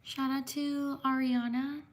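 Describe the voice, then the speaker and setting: A woman hosting a live stream, slowly reading out shout-outs to viewers and taking care over their names. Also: high voice, little pitch movement.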